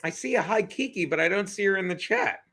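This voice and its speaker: A man's voice: sits high, expressive, quick pace, pushed and bright. A man co-hosting a podcast in casual political chat, profane, rambling and combative. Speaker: podcast co-host.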